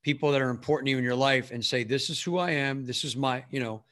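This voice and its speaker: A man's voice: mid-range voice, quick pace, fairly bright tone. A man hosting a podcast, speaking in an encouraging, casual way and peppering his talk with "man" and "you know". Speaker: podcast host.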